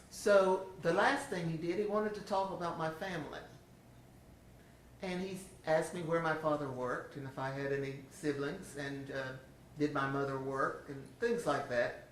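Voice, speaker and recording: A woman's voice: low voice, moderate pace, slight background noise. An older woman shares a homey, chatty personal testimony from a church platform. Her voice rings with room echo and sounds distant from the mic, with faint ambience behind. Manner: homey, chatty, laughs often. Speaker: church speaker giving a testimony. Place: church sanctuary.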